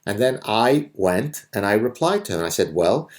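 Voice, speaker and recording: A man's voice: on the low side, sing-song, normal speed, a little mellow. A middle-aged man hosting a live audio chat, delivering a sarcastic, combative rant. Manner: sarcastic, combative, mocking put-on voices. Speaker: host.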